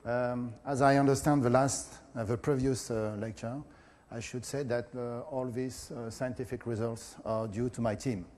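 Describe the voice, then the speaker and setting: A middle-aged man with a French accent, a professor giving a conference lecture in a hesitant way with many pauses and filler sounds. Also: medium pitch, fairly even intonation, darkish tone.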